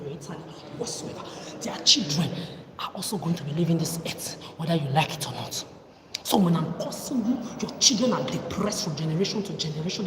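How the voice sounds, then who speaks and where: A woman ranting on a livestream, confrontational and accusing, firing off rhetorical questions. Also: on the low side. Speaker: livestream host. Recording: echoey room from far off with loud background noise.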